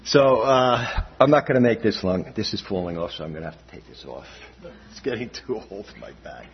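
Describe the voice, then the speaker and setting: A man's voice: on the low side, animated, a little fast, a little hiss or hum. An older man giving a personal testimony at a church gathering, talking conversationally and often checking in with "all right?". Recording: dull lo-fi recording.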